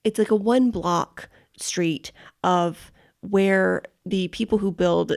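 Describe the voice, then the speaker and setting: A young American woman co-hosting a relaxed travel podcast, with strong vocal fry running through her mid-pitched voice. She sounds chatty and easygoing and laughs readily. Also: slow. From United States. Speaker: podcast co-host. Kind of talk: casual travel podcast chat.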